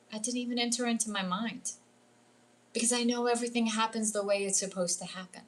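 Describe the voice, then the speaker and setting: A woman's voice: a little high, fairly even intonation, fast. A middle-aged woman, a spiritual coach, talking casually on a livestream, chatty and acting out the voices she quotes. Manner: chatty, acts out quoted voices, says "like" often. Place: at home, jungle retreat.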